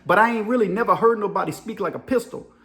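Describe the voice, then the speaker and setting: A man's voice: sits high, fast talker, creaky, sharp tone. A middle-aged man telling a story in a casual monologue, acting out voices and sound effects and laughing often. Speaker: storyteller and channel host.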